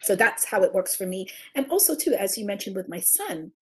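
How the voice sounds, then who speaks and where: A woman author being interviewed, talking expressively and dropping into soft, gentle affirmations as she explains her practice. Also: mid-range voice, brisk. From England. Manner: warm, expressive storytelling, softens into gentle affirmations. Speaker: author and guest. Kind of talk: conversational interview.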